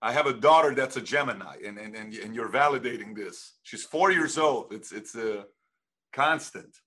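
Bright-voiced halting host. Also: male voice, medium pitch. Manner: halting, repeats words, fills with uh. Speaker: podcast host. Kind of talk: casual interview chat.

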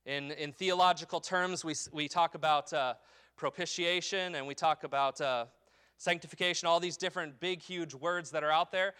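Bright, clear-voiced man preaching a sermon. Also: fairly high pitch, steady tone. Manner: preaches with emphatic rises and drops, asks "okay?" often; reads scripture in a slow, falling cadence. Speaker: pastor.

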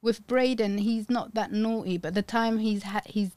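Animated mother in her thirties. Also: medium pitch, normal speed, no echo. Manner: animated storyteller, acts out quotes. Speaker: guest, mother. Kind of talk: casual chat.

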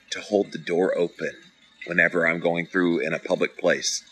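Bright-toned earnest male podcast host. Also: deep voice, poor audio. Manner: earnest, encouraging, playfully dramatic. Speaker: podcast host reading live comments. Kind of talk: casual motivational talk.

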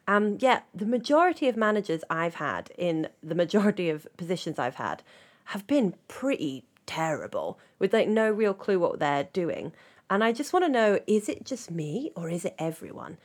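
A woman's voice: medium pitch, very animated, normal speed. A woman co-hosting a casual podcast chat, teasing her co-host, laughing often and saying "like" a lot.

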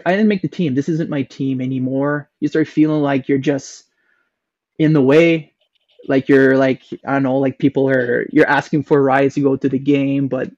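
A man's voice: a little mellow, dry recording. A young man with a Canadian accent telling a long personal story as a podcast guest, rambling with many fillers and restarts. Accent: Canadian English. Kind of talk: casual storytelling. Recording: dull low-fidelity sound.

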